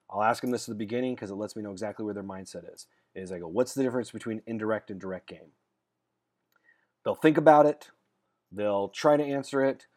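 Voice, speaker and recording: A man with a slightly low voice talks casually to his viewers as a dating coach. He tells stories in a loose, rambling way and often repeats words as he restarts a sentence. His manner is blunt and straight-talking. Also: darkish tone. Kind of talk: casual monologue to camera.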